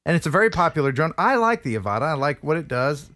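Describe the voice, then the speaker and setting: A man with a slightly raised pitch chatting casually on a live stream panel. He talks agreeably and loosely, padding with fillers. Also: big pitch swings, quick pace, sharp tone.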